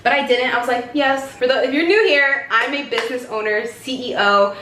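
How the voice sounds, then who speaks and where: A woman in her twenties telling a personal story in a casual vlog, animated and acting out the voices of people she quotes. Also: sits high, fairly quick. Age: 20s. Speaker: vlogger. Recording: echoey room with background music.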